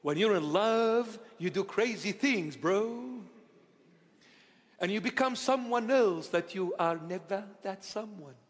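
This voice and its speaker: Preacher, male, affectionate and playful, bursts out loud at times, voice higher than usual, echoing church hall. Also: animated, slow pace. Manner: tender, playful preaching with sudden loud outbursts. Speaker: bishop. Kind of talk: sermon.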